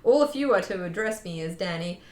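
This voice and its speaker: A woman's voice: on the low side, lively intonation, fairly quick. A young woman chatting casually to her viewers, rambling with lots of fillers and repeats. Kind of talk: casual chat. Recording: echoey room.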